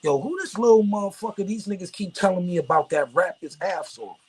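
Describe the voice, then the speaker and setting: A man's voice: sits high, lively intonation, fairly quick, breathy edge, pitched above the performer's own voice, heavily acted. A man voicing a swaggering, profane older record-label boss. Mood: brash.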